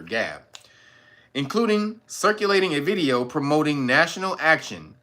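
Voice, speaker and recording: A man's voice: on the high side, bright, forceful tone. A man doing incredulous, sarcastic commentary on a news story, laughing and swearing as he mocks the officials. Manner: mimics officials in sarcastic voices.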